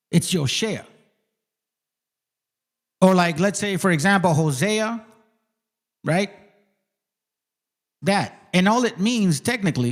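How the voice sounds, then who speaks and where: Brief: profane, swaggering male host, higher-pitched voice, arguing hard on a stream and reading text aloud. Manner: claims he talks like this without getting mad. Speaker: channel host. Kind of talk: heated livestream argument, reading passages aloud.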